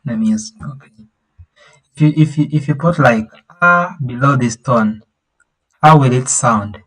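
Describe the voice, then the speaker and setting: A man teaching an online language class at an unhurried, drawn-out pace. He explains patiently, repeats himself, and sings out long vowels to show how each tone rises or falls. He often pauses, restarts and hunts for words. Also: mid-range voice, fairly bright tone, poor audio. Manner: halting, with many fillers and restarts. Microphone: video call.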